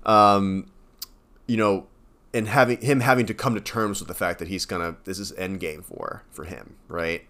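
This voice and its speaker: Male podcast co-host, lowish voice, loose rambling delivery full of fillers and self-corrections. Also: fairly quick, hardly any pauses, fairly bright tone. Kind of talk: casual chat.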